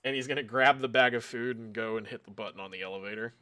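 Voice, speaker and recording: A man at a tabletop game with a bright, forward tone at a middle pitch. He narrates what his character does in a playful way, breaking into giggles often. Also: fast. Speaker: player. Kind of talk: casual tabletop role-play narration.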